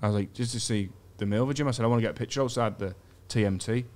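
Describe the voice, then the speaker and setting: Fast-talking English man telling a story. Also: on the low side, darkish tone. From England. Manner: rambling storytelling with lots of swearing and quoted dialogue. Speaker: guest storyteller, former boxer. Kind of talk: casual podcast chat, anecdote.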